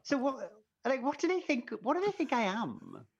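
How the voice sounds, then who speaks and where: A man, a radio presenter, guesting on a podcast in playful, animated casual chat. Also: extremely high pitch, normal speed, gravelly, breathy edge, muffled recording. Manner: playful and animated, laughs often.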